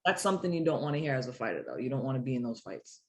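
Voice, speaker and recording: A woman's voice: very deep voice, very fast. A woman boxer in her thirties, chatting as an interview guest, acting out quotes and laughing often as she tells stories. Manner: animated storyteller, acts out quotes, laughs often. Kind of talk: casual interview chat.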